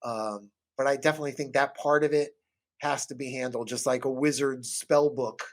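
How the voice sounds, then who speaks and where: A man's voice: mid-range voice, fairly even intonation, moderate pace. Rambling, cussing man chatting about tabletop games. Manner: rambling, swearing, acts out table quotes. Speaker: podcast guest or host talking tabletop games. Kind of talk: casual chat.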